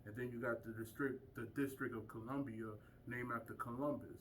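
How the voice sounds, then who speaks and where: A man's voice: mid-range voice, steady tone, a little fast, slight background noise. Emphatic man lecturing from a distance. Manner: emphatic, asks rhetorical questions. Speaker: community speaker teaching a group. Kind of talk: informal lecture to a small audience.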